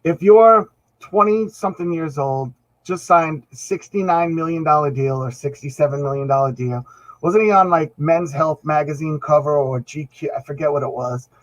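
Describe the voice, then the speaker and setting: A man's voice: on the high side, normal speed, poor audio. A man, a guest on a podcast, telling rambling stories in casual chat and acting out the quotes. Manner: rambling anecdotes with acted-out quotes. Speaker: podcast guest, band musician.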